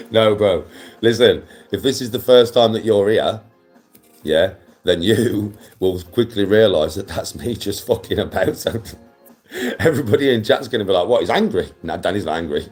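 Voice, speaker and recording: British man, livestream host, casual chat, animated delivery, frequent laughter. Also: on the low side, a little slow, soft background music. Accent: British English. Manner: animated, laughs often, swears, talks to chat.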